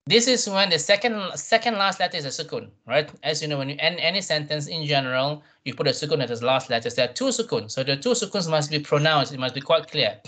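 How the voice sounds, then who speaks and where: Man, slightly high voice, patient Quran reading teacher, repeats words, slow drawn-out examples. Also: animated, pushed and bright. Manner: drawn-out modeling of Arabic words. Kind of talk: tajweed revision class.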